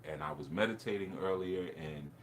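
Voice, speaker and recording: Low-voiced guy rambling thru a story, lots of laughs and restarts, casual teacher vibe. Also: expressive, fairly quick, creaky, a little hiss or hum. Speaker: spiritual teacher.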